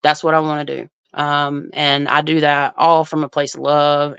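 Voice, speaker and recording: A woman hosts an astrology livestream, chatting casually and thinking aloud as she reads viewer comments. Her voice is smooth and close-miked with no room echo. The sound is a bit dull and lo-fi. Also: deep voice, level tone, normal speed, few pauses, a bit bright.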